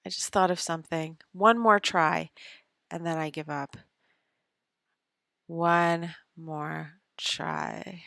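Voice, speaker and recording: A woman's voice: fairly low pitch, moderate pace, gravelly, sharp tone, dry recording, clean studio sound. A woman hosting an astrology live stream, chatting casually and muttering half-whispered asides to herself while she fixes her screen sharing. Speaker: astrology show host.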